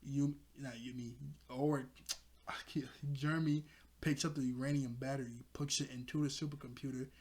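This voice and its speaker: A man's voice: medium pitch, level tone, moderate pace, a little mellow. A man casually recapping a cartoon episode, rambling and laughing as he often corrects himself. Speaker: show reviewer.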